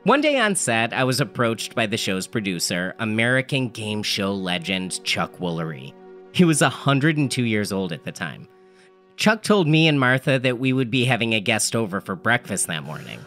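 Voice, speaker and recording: A man's voice: on the low side, sing-song, normal speed, pushed and bright, faint music behind. A man telling an absurd comedic story in a dry, matter-of-fact manner. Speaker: narrator.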